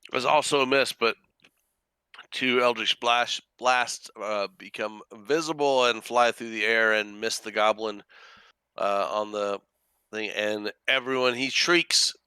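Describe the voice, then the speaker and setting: A man's voice: lowish voice, unhurried, clear, resonant tone, no room sound. A man acting as dungeon master, casually running a tabletop game session online and making easygoing rulings. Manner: casual, relaxed rules rulings with small restarts.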